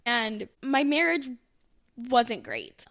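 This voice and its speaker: A woman's voice: fairly high pitch, wildly swooping pitch, very slow, a bit bright. A woman in her thirties candidly telling a personal story on a podcast, rambling with many fillers and restarts. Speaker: podcast co-host.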